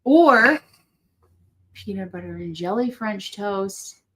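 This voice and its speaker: A woman's voice: medium pitch, expressive, slow, a bit bright. A young adult woman co-hosting a livestream, talking hesitantly with lots of ums and likes. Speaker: livestream co-host. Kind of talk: casual livestream chat.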